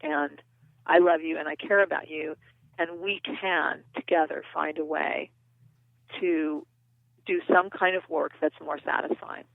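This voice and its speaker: A woman voicing a gentle, loving female inner nurturer, talking in a soothing, reassuring way over a tinny phone line. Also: deep voice, steady tone, unhurried, gravelly, dry recording.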